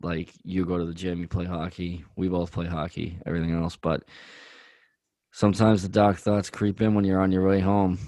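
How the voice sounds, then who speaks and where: A man's voice: deep voice, little pitch movement, moderate pace, warm tone, no room sound. A man co-hosting a podcast, talking earnestly in a rambling way with many fillers. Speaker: podcast co-host. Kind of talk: casual chat.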